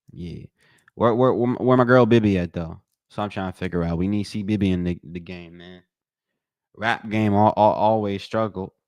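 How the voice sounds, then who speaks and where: A young man commentating a live watch party, joking with his chat in a slangy, excitable way. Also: no room sound, studio quality. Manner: excitable, joking, slangy, bursts into high-pitched reactions.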